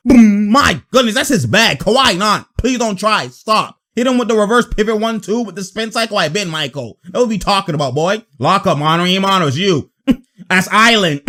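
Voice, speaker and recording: Animated high-voiced man breaking down plays. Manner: excitable, slangy, laughs often while reacting. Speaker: basketball video analyst. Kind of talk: casual game-breakdown commentary.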